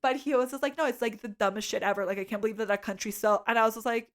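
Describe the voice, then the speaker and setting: A woman from Canada co-hosting a podcast, telling a story in a casual, animated way with lots of fillers and laughter. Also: a little high, rapid-fire. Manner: animated storytelling, frequent "like", laughs mid-sentence. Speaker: podcast co-host.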